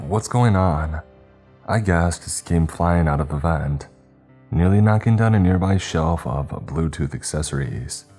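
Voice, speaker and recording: A man narrating a horror story in a measured, tense way. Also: very deep voice, mellow. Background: faint background music.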